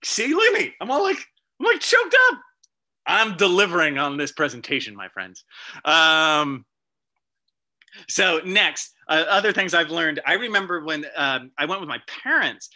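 A man giving a casual storytelling slide talk to an astronomy club, chatty and animated, with many fillers and restarts. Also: a little high. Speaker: guest presenter at an astronomy club meeting.

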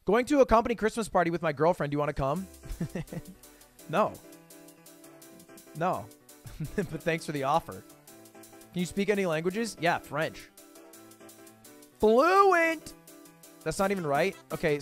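A man in his twenties streaming, chatting casually with viewers, reading their messages aloud and answering with profane, sarcastic jokes. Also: fairly high pitch. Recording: faint music behind.

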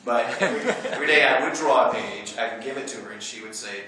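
A man telling stories at a convention panel as a comic artist and voice actor, animated and laughing often. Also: mid-range voice, fast talker. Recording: echoey hall from far off.

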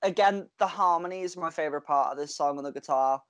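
A fast-talking podcast co-host with a clean, higher voice chats casually over a video call mic. There's no echo as he tells stories and laughs a lot.

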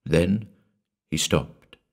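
A man giving a measured, dramatic scripted narration of a classic horror story. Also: low-pitched, animated, creaky, husky.

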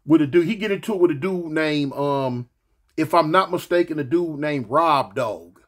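Casting: middle-aged man, lisp, high voice, rambling slangy storyteller. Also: normal speed. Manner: animated, slangy, rambling with fillers and restarts. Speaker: storyteller recounting his past. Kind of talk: casual storytelling.

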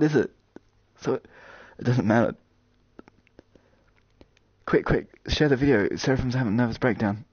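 A man streaming games and chatting casually with viewers, rambling and joking with sudden loud outbursts. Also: medium pitch, animated, moderate pace, long pauses, breathy edge, no echo, highs cut off. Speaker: gaming streamer. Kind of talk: casual live-stream chat.

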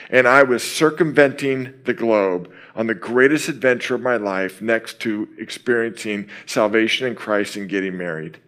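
A middle-aged man giving a sermon at a camp, opening in prayer and then telling a personal story with lively quoted dialogue. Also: fairly low pitch. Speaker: camp speaker.

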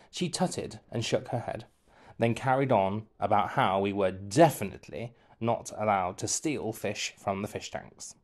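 A man's voice: lowish voice, moderate pace. Playful male storybook reader. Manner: expressive, playful, shifts voice for quotes. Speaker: teacher reading a children's book aloud. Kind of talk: storybook narration.

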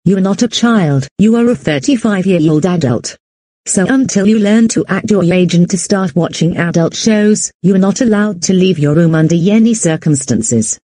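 Brief: synthetic female voice as a scolding, repetitive ex-wife, warm-toned, close and dry. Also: on the low side, lively intonation, moderate pace, no room sound. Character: strict, scolding adult woman, Dave's ex-wife. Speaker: animated character. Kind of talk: text-to-speech cartoon voice.

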